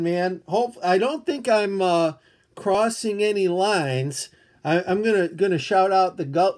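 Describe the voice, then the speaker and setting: A man's voice: on the high side, a little mellow. An older man hosting a rambling live-stream chat, greeting viewers and showing comics. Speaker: comic book YouTuber.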